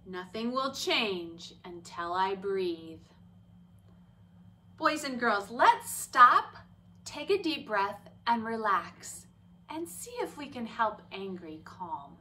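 Gentle, slow-talking woman teacher. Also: mid-range voice, sing-song, distant mic. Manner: slow, gentle, with some whispered lines. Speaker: special education teacher. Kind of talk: children's lesson.

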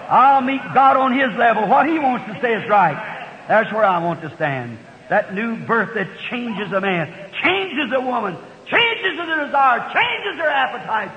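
High-voiced fervent preacher in an echoing hall. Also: male voice. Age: 50s. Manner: fervent, folksy storytelling with sudden loud outbursts. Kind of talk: sermon. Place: large church hall. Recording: dull old recording in a reverberant hall.

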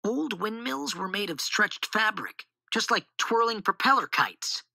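A woman's voice: medium pitch, animated, unhurried, gravelly, bright, forceful tone, no room sound, pitched above the performer's own voice, exaggerated voice. A woman doing an earnest, proper schoolboy. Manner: earnest and proud. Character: eager, proper older schoolboy brother.

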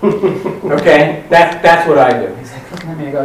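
A man's voice: high voice, steady tone, moderate pace, slight background noise. A middle-aged man on a conference panel telling a rambling story, full of restarts and quoted dialogue. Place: conference hall. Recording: echoey hall, distant mic.

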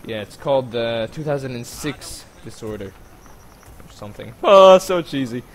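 A man giving casual, rambling gameplay commentary, joking along and bursting into panicked yelling now and then. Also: medium pitch, expressive, moderate pace.

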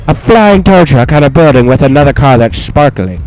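A young man giving profane, excitable let's play commentary, talking to himself as he plays. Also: medium pitch, a little fast, few pauses, faint music behind. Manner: profane, excitable, talks to himself while playing.

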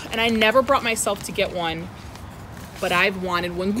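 A woman's voice: mid-range voice, a little slow, long pauses, bright, forceful tone, rough recording. A young adult woman vlogging outdoors, gushing and squealing with delight as she unboxes plants. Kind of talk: excited unboxing vlog. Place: outdoors in the wind. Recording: wind noise on outdoor mic.

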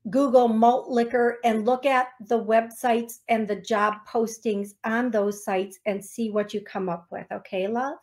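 A woman psychic medium giving a call-in reading on a radio show, speaking gently and calling the caller love. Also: on the high side. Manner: soft-spoken, affectionate, calls caller love. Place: radio studio.

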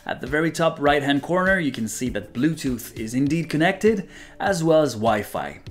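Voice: medium pitch, big pitch swings, moderate pace, faint music behind. A product reviewer demonstrating a translation device, switching between several languages as they test it.

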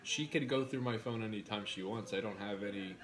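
A man's voice: fairly low pitch, a little fast, a bit bright. A young man hosting a casual live stream, eating while he reads out viewer comments and answers them in a chatty, blunt way. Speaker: livestream host.

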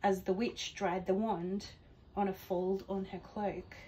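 A woman, a teacher, reading a rhyming picture book aloud to children at home in a gentle, expressive way. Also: mid-range voice, unhurried. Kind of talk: read-aloud storytelling for children.

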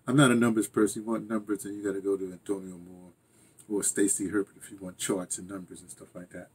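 A man's voice: fairly low pitch, little pitch movement, brisk, a little mellow, breathy edge. An older man rambling through a casual monologue as host of his own channel, interrupting himself and chuckling at asides. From United States.

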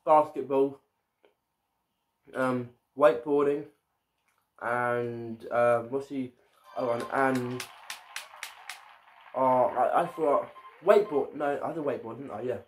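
A man's voice: mid-range voice, steady tone, slow, pauses often. A man giving casual let's-play commentary as a gaming YouTuber, often stumbling and repeating his words.

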